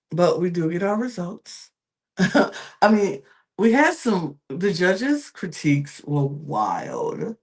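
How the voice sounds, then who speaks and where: A gossipy podcast co-host talking through a reality-TV recap in a loose, chatty way, with plenty of vocal fry and a gravelly edge. The pitch sits in a middle range. The host trails off into fillers and speaks straight to the viewers. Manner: addresses viewers directly.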